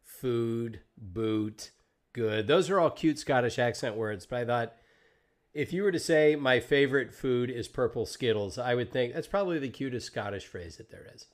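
A man's voice: medium pitch, expressive, normal speed. A man from the Southern United States hosting a live-streamed podcast interview, chatting casually and joking with viewers. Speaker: podcast host.

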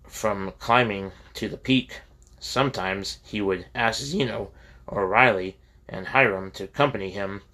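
Male audiobook narrator, steady measured reading, slightly low pitch. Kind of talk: scripted narration.

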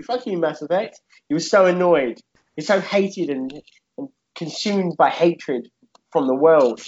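Casual male co-host, animated rambler, swears freely, checks in with "yeah?", dull lo-fi sound. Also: fairly high pitch. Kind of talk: casual chat, telling a made-up fight story.

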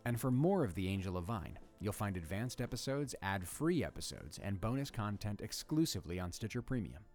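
Male announcer, low voice, scripted ad, faint music bed under it. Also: sing-song, brisk, a little mellow. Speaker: ad read announcer. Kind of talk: scripted ad read.

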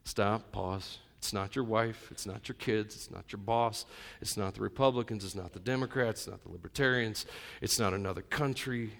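Man preaching a lively, joking sermon. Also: lowish voice, moderate pace, gravelly. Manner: conversational, joking asides with the congregation; swings between loud emphatic and quiet intimate delivery. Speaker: pastor.

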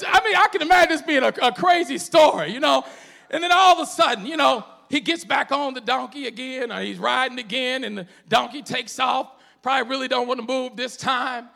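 A man's voice: very high voice, creaky, bright, forceful tone. A man preaching a sermon, telling the story in a folksy way and calling out to the congregation for responses.

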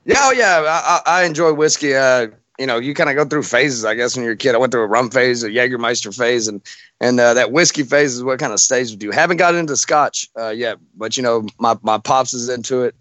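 A man's voice: mid-range voice, a little fast, a bit bright, dry recording. Texan man rambling on a dry mic. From Texas, USA. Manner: rambling, many fillers and restarts. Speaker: podcast guest. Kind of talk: casual podcast chat.

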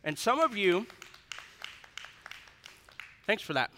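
A man preaching a sermon to a congregation, dynamic and humorous, swinging between loud emphasis and hushed asides. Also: high-pitched, very animated, slow pace, a little hiss or hum. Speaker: pastor. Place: large church hall. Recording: reverberant hall.

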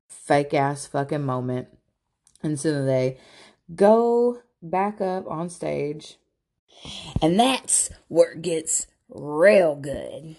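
A woman's voice: low voice, slow pace, gravelly, warm tone. A woman casually recapping a reality show in a blunt, profane, gossipy manner.

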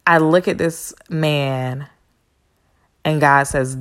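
A woman's voice: deep voice, fairly even intonation, slow, a bit bright. A woman hosting a podcast, telling a personal story in a candid, blunt and profane casual monologue with slangy asides. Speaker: podcast host.

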